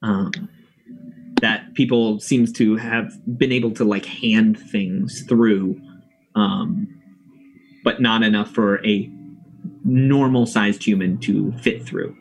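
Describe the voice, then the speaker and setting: A man narrating a tabletop role-playing game as game master, in a slow, laid-back way. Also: lowish voice, fairly even intonation, creaky, background noise.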